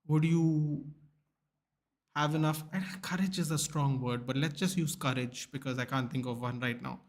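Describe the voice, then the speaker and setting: A young Indian man keeps up easygoing banter with his live-stream viewers, his voice medium in pitch and his pace moderate. His manner is blunt and animated; he swears frequently and calls everyone dude.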